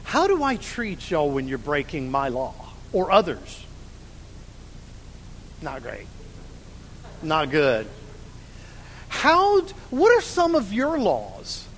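A Bible teacher with a drawl and a high voice leads a study class, asking questions, waiting, then answering them himself. He speaks slowly with frequent pauses, huge pitch swings, and a slightly bright sound. Long hall reverb rings over a faint low rumble.

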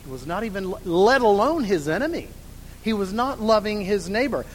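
A man's voice: high voice, lively intonation, normal speed, big-room sound, a little hiss or hum, low-quality recording. A man teaching a Bible lesson, asking his class questions and then answering them himself.

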